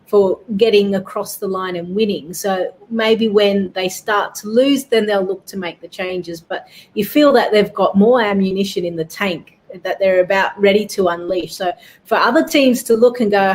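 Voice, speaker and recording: A woman's voice: mid-range voice, a little mellow. Easygoing female cricket pundit. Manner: easygoing, measured, with fillers. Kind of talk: cricket analysis chat.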